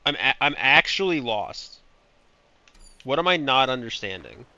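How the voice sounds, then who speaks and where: A man's voice: mid-range voice, big pitch swings, measured pace, pushed and bright, dry recording, dull audio. A man streaming a puzzle game live, talking to himself, imitating bird chirps and swearing in frustration.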